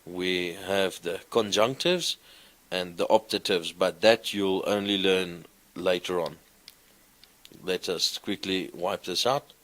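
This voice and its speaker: Slow, deliberate male lecturer. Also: low voice, fairly bright tone. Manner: slow, deliberate, recites conjugations in a sing-song. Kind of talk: classroom lecture.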